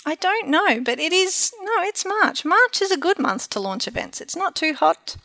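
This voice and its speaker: A woman's voice: very high voice, sing-song, moderate pace, bright, forceful tone, dry recording. A woman co-hosting a podcast, chatting casually in a musing way. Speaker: podcast co-host. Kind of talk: casual chat.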